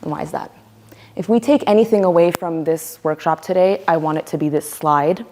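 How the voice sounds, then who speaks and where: Woman workshop leader, a bit low-pitched, emphatic and demonstrative. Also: a little fast, a little mellow, a little hiss or hum. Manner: emphatic, demonstrates voices as she explains. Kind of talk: teaching a voice workshop.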